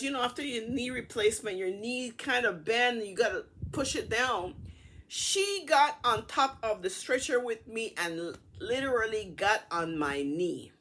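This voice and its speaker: Husky-voiced woman vlogger, chatty. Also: fairly high pitch. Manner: chatty, animated retelling with acted-out dialogue. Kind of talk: casual storytelling to camera.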